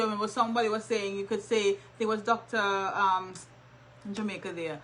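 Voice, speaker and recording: A woman's voice: medium pitch, fairly even intonation, moderate pace, bright, forceful tone, a little hiss or hum, low-quality recording. A woman co-hosting a casual advice talk, speaking emphatically and repeating her key points. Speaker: co-host.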